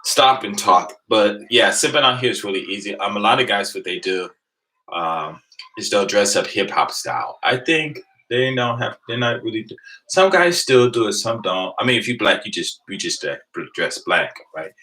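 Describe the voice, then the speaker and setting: A man, casually telling a rambling, animated story to his live viewers and laughing along the way. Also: on the low side, normal speed, low-quality recording. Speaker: vlogger on a live stream.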